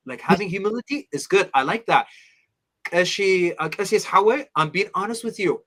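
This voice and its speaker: A man's voice: sits high, brisk. A middle-aged man, an Orthodox priest, telling a personal story in an interview, acting out the people he quotes. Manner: animated storyteller, acts out quoted voices.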